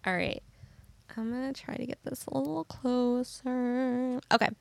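A woman's voice: fairly high pitch, measured pace, creaky, dry recording. A woman co-hosting a casual podcast, telling stories in a giggly, rambling way. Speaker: podcast co-host. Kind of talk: casual chat.

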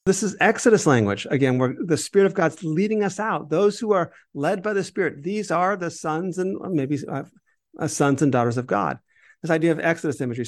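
A man co-hosting a Bible podcast, explaining scripture in conversation and reading verses with emphasis. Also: a little high.

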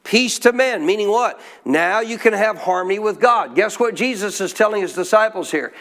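In a church sermon, a male pastor puts questions to the congregation and pulls responses back in call-and-response. He speaks at a moderate pace in a high, fairly bright voice with lively intonation.

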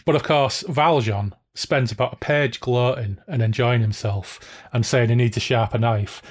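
Animated, joking man discussing a book. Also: medium pitch, normal speed. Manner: animated, laughing and swearing. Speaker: podcast host.

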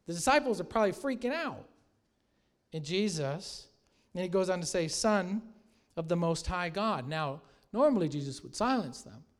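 A man preaching a sermon with animated storytelling, growing soft and hushed at reverent moments. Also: high-pitched, normal speed. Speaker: pastor.

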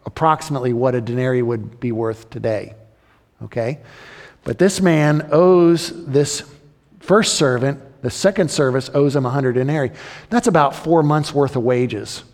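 A man preaching a sermon, animated and acting out the voices of the story's characters. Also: mid-range voice, big-room sound. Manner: animated, acts out the crowd and king in raised voices. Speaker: pastor.

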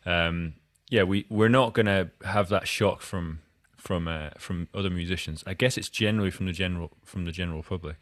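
Scottish guy hosting a podcast, deep voice, dry sound, rambles and restarts a lot. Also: fairly quick, hardly any pauses, fairly bright tone, dry recording. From Scotland. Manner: rambling, self-interrupting. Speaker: podcast host. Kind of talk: casual interview chat.

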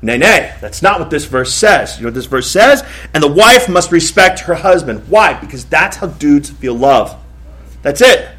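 Animated man preaching a sermon. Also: on the high side, moderate pace. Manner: animated, conversational preaching with repetitions. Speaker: pastor.

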